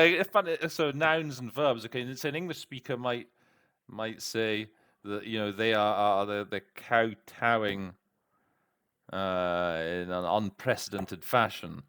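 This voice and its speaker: A middle-aged man, a conference interpreter, interpreting a speech and then talking through his word choices, often pausing and restarting. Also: on the low side, fairly bright tone, clear, resonant tone, dry recording, clean studio sound. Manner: thinks aloud, hesitant, many restarts. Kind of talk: interpreting practice with commentary.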